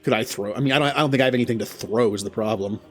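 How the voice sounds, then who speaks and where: A man's voice: medium pitch, racing, faint music behind. A man hosting a let's play, thinking aloud about his moves with chuckles and self-deprecating remarks. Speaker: gaming channel host.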